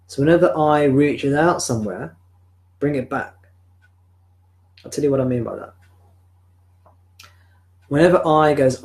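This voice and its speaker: Gentle man guiding self-enquiry. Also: mid-range voice, normal speed, pauses often. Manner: gentle, repetitive questioning. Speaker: spiritual teacher. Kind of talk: live satsang guidance. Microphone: video call or webcam.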